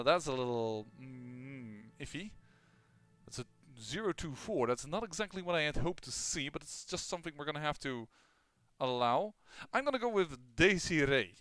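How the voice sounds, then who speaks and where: A man's voice: a little high, bright, forceful tone, clean tone. A man casually commenting on his own strategy game as he plays, thinking aloud with lots of fillers and restarts. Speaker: gameplay commentator.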